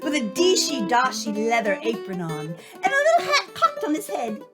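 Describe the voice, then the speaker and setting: A woman co-hosting a show and telling folktales with a playful, drawn-out delivery. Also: a little high, huge pitch swings. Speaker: storyteller and co-host. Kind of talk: folktale storytelling with banter. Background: guitar music.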